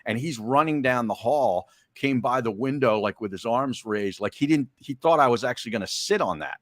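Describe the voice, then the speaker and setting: A man co-hosting a sports talk show, chatting in a relaxed, conversational way and telling stories. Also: medium pitch, normal speed, dry recording, clean studio sound. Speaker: co-host.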